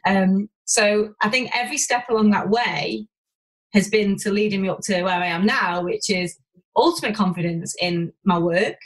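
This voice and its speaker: A woman's voice: medium pitch, rough recording. A woman from Warrington, talking candidly as a podcast guest, swearing freely and restarting her sentences. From Warrington, England. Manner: rapid, animated, swears freely, many restarts. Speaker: podcast guest, business owner. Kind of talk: candid conversational interview.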